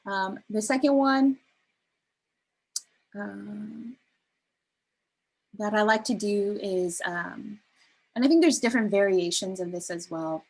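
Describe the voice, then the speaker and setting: A woman leading a beginner spoken word workshop, explaining delivery gently with frequent ums and restarts. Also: mid-range voice, takes it slowly, pauses often, poor audio. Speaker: workshop facilitator.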